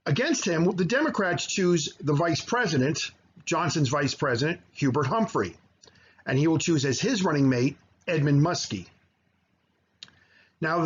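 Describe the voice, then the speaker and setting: A man teaching high school history over slides, explaining at length with frequent fillers and self-corrections. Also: slightly rough, highs cut off. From United States. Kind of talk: recorded slideshow lecture.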